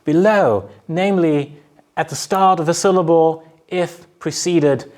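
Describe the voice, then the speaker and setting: A male university lecturer talks through his material in a measured, explanatory way. His voice sits a little higher than most men's, and he stops now and then to sound out example words clearly. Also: a little mellow. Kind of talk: recorded lecture narration.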